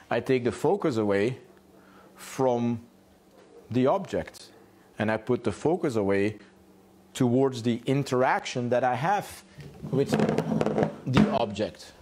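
Low-voiced man teaching dog play. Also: a little mellow. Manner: poses rhetorical questions and answers them. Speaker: dog trainer. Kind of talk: instructional talk. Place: home garage.

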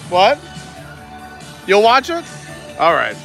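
Live-stream host, man, high and bright, chatty with a quick laugh, out walking the park. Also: huge pitch swings, vocal fry, soft background music. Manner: chatty, laughs often, walking while talking. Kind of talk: casual live-stream vlog chat. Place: outdoors at a theme park.

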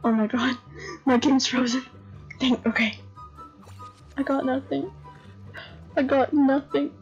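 A tired young woman giving casual commentary on a horse game, chatty and excitable, swearing freely and breaking into gasps and laughs. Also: sits high, a little slow. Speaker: gamer commentator. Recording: dull lo-fi home recording with faint game music.

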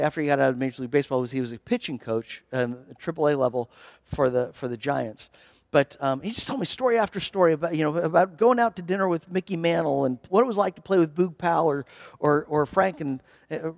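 A man's voice: fairly high pitch, creaky, dry recording, studio quality. A man preaching a sermon in church as pastor, earnest and building to impassioned appeals.

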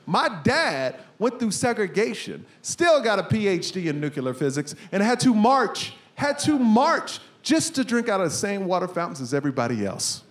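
A middle-aged man performs stand-up on a club stage, his fairly high voice swooping all over as he acts out scenes and bursts into shouts. The live room carries a clear wash of ambient noise behind his handheld mic. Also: sing-song, normal speed, hardly any pauses. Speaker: stand-up comedian. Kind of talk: stand-up comedy set.

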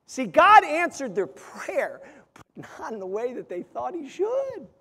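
A pastor preaching a sermon, telling stories and acting out quotes, building to loud emphatic peaks. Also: male voice, extremely high pitch, wildly swooping pitch, measured pace. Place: church sanctuary. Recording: long hall reverb.

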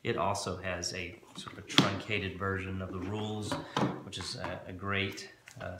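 A man and host, explaining a tabletop game in a relaxed, rambling way with many fillers. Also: deep voice, echoey room, background noise. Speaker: dungeon master and channel host. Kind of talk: casual tutorial explanation. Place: room at home with a board.

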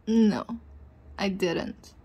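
A woman's voice: medium pitch, extremely slow, breathy edge, highs cut off. A woman playing a cruel young bully in a whispered role-play, taunting and bossing the listener with mocking laughs. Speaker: audio role-play performer.

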